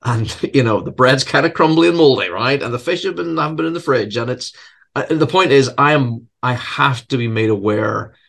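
A man's voice: mid-range voice, expressive, fairly quick, vocal fry, fairly bright tone. A man who is a seminary professor and preacher, answering interview questions in an earnest, reflective way with self-deprecating humor, often repeating words as he searches for phrasing.

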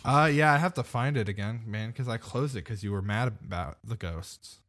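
A man's voice: lowish voice, moderate pace, fairly bright tone. A man co-hosting a podcast in casual chat, rambling and hesitant, laughing often. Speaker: podcast co-host.

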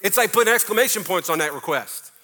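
A middle-aged male pastor preaches with a high, bright voice. He talks to his congregation in an emphatic, conversational way, often tossing in playful mock prayers. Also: lively intonation, quick pace. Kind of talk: sermon.

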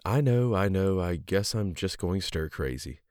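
A man voicing a worried young man, anxious and hurried, in a story reading. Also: low voice, animated, darkish tone, smooth, no room sound, clean studio sound.

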